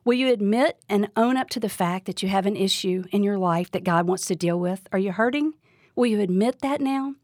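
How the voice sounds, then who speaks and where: A woman's voice: mid-range voice, brisk, a little mellow, dry recording, studio quality. A woman giving a devotional Bible teaching, speaking earnestly and asking the listener direct questions.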